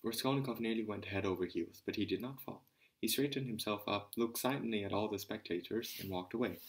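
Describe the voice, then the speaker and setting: A man narrates a novel in a hobby audiobook. His voice sits fairly low, and he reads steadily, now and then tripping over a word and starting it again. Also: fairly quick, poor audio. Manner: occasional stumbles and restarts. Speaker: audiobook reader.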